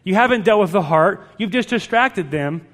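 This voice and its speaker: A middle-aged man preaching a sermon to parents, direct and emphatic, with lively storytelling. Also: high voice, normal speed, big-room sound. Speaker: pastor.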